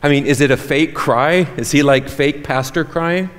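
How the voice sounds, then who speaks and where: A man preaching a sermon as pastor, animated and joking with the congregation. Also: fairly high pitch, normal speed. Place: church hall. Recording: reverberant church hall.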